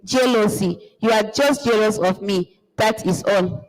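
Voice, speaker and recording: A woman's voice: medium pitch, measured pace, close to an everyday voice. A woman with a Nigerian accent reading the part of a proud, quarrelsome village girl in a taunting manner. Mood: scornful. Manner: scornful, taunting. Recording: long reverb.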